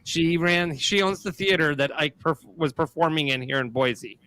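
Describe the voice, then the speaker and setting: A man's voice: a little high, normal speed, bright, forceful tone, smooth, no echo. A man co-hosting a live show, upbeat and reading out viewers' names and greetings from the chat. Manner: upbeat, reads names off a list. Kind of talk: casual live-stream chat.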